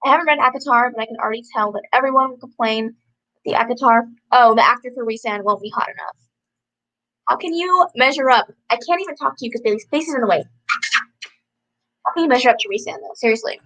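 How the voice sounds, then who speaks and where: A young woman chatting from home, her voice bright and rather high. She talks in a bubbly, easygoing way, full of "likes" and little laughs, as she answers viewer comments. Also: fast, poor audio. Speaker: book vlogger hosting a livestream. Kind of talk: casual chat reading viewer comments.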